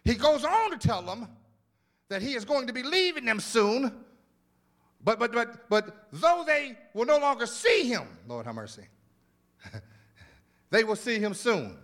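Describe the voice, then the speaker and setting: A man preaching a sermon as pastor in a church, animated, with repeated words, exclamations and casual asides to the congregation. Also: very high voice, a little slow, long pauses. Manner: informal, conversational asides to the congregation. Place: church sanctuary.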